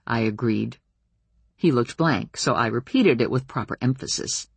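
A woman reads a first-person novel aloud with a wry, expressive delivery. Her voice is husky and sits mid-range, recorded dry and close. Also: a bass voice, moderate pace, no echo. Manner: wry, expressive storytelling with lively voiced dialogue. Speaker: audiobook narrator.

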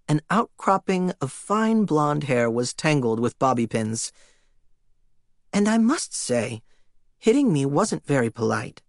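A man's voice: on the high side, no echo, studio quality. A man narrating an audiobook in the first person with a wry, theatrical delivery.

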